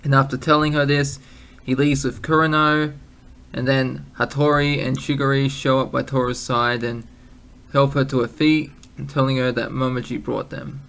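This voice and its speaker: A man's voice: mid-range voice, little pitch movement, vocal fry, a bit bright. A man recapping an anime episode in casual chat with friends, often stumbling over and repeating words. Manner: halting, repeats words, laughs easily. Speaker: co-host.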